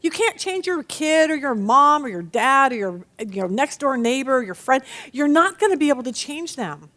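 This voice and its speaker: Woman Bible study teacher with a high voice. Animated, acts out the quotes. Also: normal speed. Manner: animated teaching with dramatic read-aloud voices.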